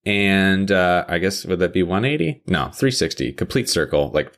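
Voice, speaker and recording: A fired-up man hosts a podcast in a loose, profane rant. His usual voice sits a little low, but he keeps leaping into shrill, exasperated mock quotes as he picks a story apart. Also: expressive, moderate pace, a bit bright. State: hyped up. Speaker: podcast host. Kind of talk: casual ranting show recap.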